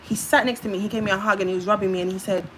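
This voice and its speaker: A woman's voice: mid-range voice, rapid-fire, noisy background. Rambling British woman telling a story on a livestream. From United Kingdom. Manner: rambling and animated, with repeated filler sounds.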